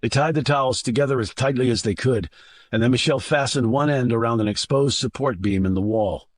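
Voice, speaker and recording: A man reading a thriller novel aloud as an audiobook narrator, with a steady, measured delivery into a close studio mic. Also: mid-range voice, no echo. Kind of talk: scripted narration.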